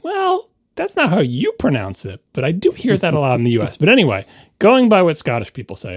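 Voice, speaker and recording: Man on a podcast explaining stuff, real lively up-and-down voice, kinda pedantic. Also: medium pitch, no room sound, clean studio sound. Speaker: podcast co-host. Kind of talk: casual chat.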